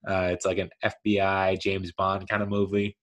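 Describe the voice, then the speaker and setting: A man's voice: deep voice, completely flat delivery, normal speed, fairly bright tone, dull audio. A man talking casually as a video host, rambling and correcting himself, with frequent chuckles. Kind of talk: casual commentary.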